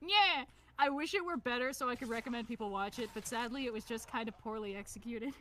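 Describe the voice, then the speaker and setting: A woman co-hosting a relaxed gameplay stream, chatting and laughing freely. Her voice is bright and clear, sitting a little high. She talks in a loose, joking way. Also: brisk, slight background noise. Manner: lively, laughs often, slips into jokey voices. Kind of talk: casual chat over gameplay.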